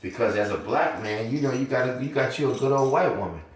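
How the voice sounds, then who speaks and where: Older male podcaster, lively swooping delivery, cussing and chuckling, echoey room. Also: medium pitch, quick pace, slight background noise. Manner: animated, profane, laughing often. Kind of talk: casual podcast monologue. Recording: roomy echo.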